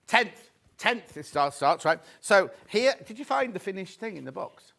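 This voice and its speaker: A man's voice: high-pitched, sing-song, normal speed, vocal fry, a bit bright. Chatty male shopping channel presenter. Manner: chatty, jokey, pushes deals, reads viewer messages. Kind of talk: live sales presentation. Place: TV studio.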